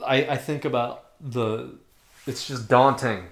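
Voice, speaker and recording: A man's voice: medium pitch, steady tone, measured pace, gravelly, fairly bright tone. Joking young man in an echoey room. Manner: joking, profane banter with laughter. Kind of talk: casual chat.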